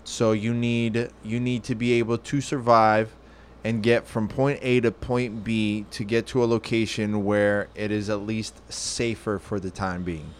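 A man's voice: fairly low pitch, level tone, a little slow, a little hiss or hum. A man hosting a casual, profane chat, rambling and joking, and asking loose hypothetical questions.

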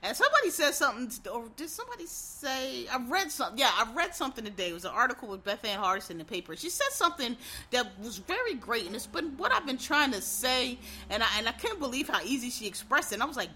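A woman's voice: fairly high pitch, fast, breathy edge. Blunt, profane woman ranting. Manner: blunt, profane, restarts a lot, animated. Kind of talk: casual opinion rant.

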